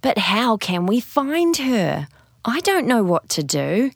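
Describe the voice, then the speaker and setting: A woman doing an eager little boy, high and bright. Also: very animated, slow pace, no room sound, clean studio sound, full character voice. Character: eager helpful young boy.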